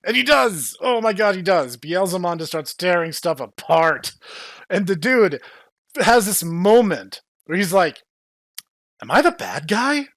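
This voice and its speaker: A man's voice: sits high, measured pace, no echo. A man hosting a casual podcast who jokes around and acts out scenes as he recaps. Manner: animated, joking, acts out scenes. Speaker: podcast host.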